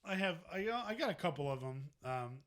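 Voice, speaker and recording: A young man co-hosting a podcast, telling stories in relaxed casual chat, halting with many fillers. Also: a little high. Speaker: podcast co-host.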